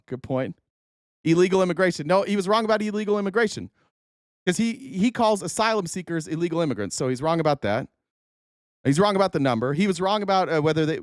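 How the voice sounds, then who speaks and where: A man hosting a livestream of political commentary, ranting in a profane, animated way. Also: fairly high pitch, no echo, studio quality. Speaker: host.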